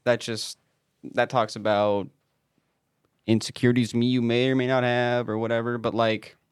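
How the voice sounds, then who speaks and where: A man's voice: medium pitch, level tone, moderate pace, clean tone, no echo, clean studio sound. A young man co-hosting a podcast in casual chat, laid-back and playfully teasing. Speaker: podcast co-host.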